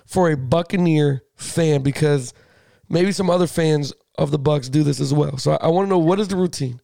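A man co-hosting a casual sports podcast, animated, swearing freely and tripping over his words. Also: on the high side, normal speed, gravelly, no room sound, clean studio sound. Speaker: podcast co-host.

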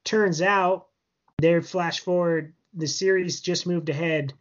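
A man with a higher, steady voice speaks slowly as he co-hosts a podcast. He recaps a TV episode casually, rambling with lots of fillers and laughter, and the recording is dull and lo-fi.

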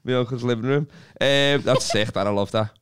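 A man's voice: medium pitch, a little fast, fairly bright tone, smooth. A man with a Liverpool accent, a comedian guest on a podcast, chatting casually in a rambling way, swearing and laughing often.

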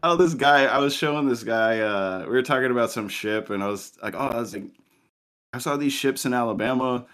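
A man's voice: medium pitch, fairly quick, fairly bright tone. A man co-hosting a podcast, telling a rambling anecdote in casual chat with lots of fillers. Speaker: podcast co-host.

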